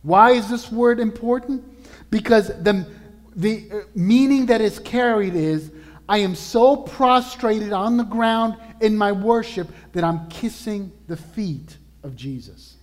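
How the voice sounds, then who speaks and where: A man preaching a sermon as pastor, earnest and emphatic, slowing down to stress key words. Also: high-pitched, big-room sound. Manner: earnest, emphatic preaching with slow drawn-out lists.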